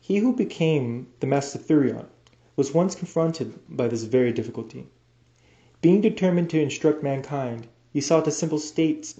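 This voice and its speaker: A man reading an esoteric book aloud as an audiobook, measured and deliberate, now and then stumbling and restarting a word. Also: medium pitch, warm tone, lo-fi sound. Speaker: audiobook reader. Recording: roomy, echoey room sound.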